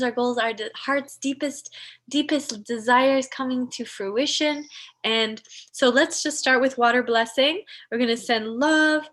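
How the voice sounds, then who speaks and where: Bright-voiced woman leading a ceremony. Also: high voice. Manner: soft, slow and devotional when blessing. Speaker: spiritual teacher and ceremony host. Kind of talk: live-streamed meditation ceremony.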